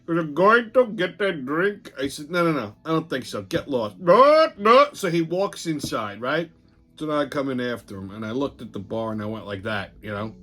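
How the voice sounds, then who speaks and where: A man's voice: mid-range voice, fairly quick. A man, hosting a casual monologue, telling blunt, profane stories full of quoted arguments. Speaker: host.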